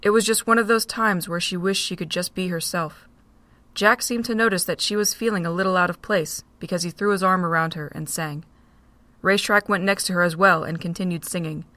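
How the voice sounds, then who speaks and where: A woman narrating a fan-made audio drama in a steady storytelling manner. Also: lowish voice, a little fast, no echo.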